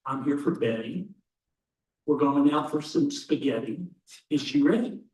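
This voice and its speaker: A man's voice: mid-range voice, measured pace, darkish tone, close to an everyday voice. A man voicing nervous young suitors who introduce themselves carefully, recorded far off in a roomy hall. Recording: roomy hall, distant mic.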